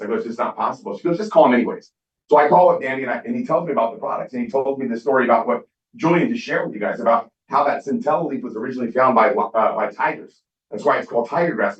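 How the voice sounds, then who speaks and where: A middle-aged man giving a motivational business talk on stage, telling stories and acting out quoted dialogue. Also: mid-range voice. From Southern California. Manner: storytelling, acts out quoted dialogue. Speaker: skincare business speaker. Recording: distant, echoey, dull hall recording.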